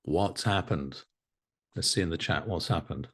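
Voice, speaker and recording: A man teaching a live online hypnotherapy class, animated and encouraging, often laughing as he talks to students. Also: sits low, measured pace. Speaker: hypnotherapy instructor.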